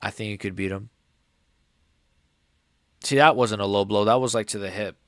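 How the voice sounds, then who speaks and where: A young man hosting a live fight reaction stream, rambling casually with lots of "like" and "bro" while his voice sometimes cracks high. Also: steady tone, moderate pace, no room sound, studio quality. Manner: rambling, filler-heavy, says "like" and "bro" often. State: voice cracking upward at times.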